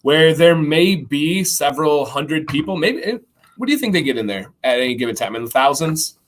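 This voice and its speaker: A man's voice: on the high side, normal speed. Upbeat bearded livestream host, man. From Michigan. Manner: animated, reads viewer comments aloud. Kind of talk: casual livestream chat.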